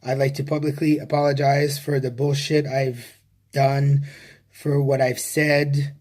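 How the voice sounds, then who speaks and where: A man speaking to camera in a rambling personal confession, halting with many restarts and casual swearing. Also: medium pitch, little pitch movement, a little mellow. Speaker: vlogger.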